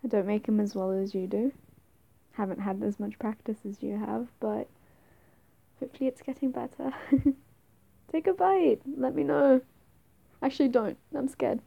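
A woman's voice: a little high, moderate pace, creaky, pauses often, dry recording, highs cut off. A young woman playing an affectionate, playful girlfriend in an audio role-play, giggling, teasing and stumbling over her words.

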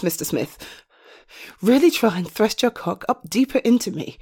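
Here a young woman speaks breathlessly, panting, her husky voice full of breath. She ranges from low murmurs up to high exclamations and repeatedly lapses into a soft whisper, sounding expressive at a normal speed.

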